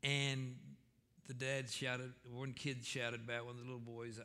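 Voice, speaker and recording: In a church sanctuary, a pastor preaches a sermon conversationally, with fillers and restarts, before building to emphatic questions. His medium-pitched voice moves little in pitch and runs at a moderate pace, bright, forceful and clean, with a big-room sound.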